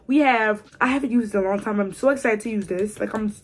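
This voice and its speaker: A young woman in her twenties chatting casually to camera as a beauty vlogger, her voice raspy from a cold, playful and teasing. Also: medium pitch, fast. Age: 20s. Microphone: phone camera.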